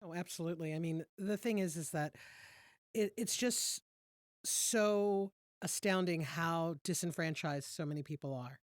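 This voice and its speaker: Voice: medium pitch, a little slow, no echo, studio quality. A podcast co-host telling an earnest campaign story with fillers such as "you know". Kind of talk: casual podcast chat.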